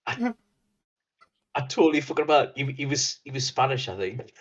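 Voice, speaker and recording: A man's voice: mid-range voice, sing-song, moderate pace, muffled recording. A man co-hosting a podcast in casual chat, laid-back with dry quips. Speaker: podcast co-host.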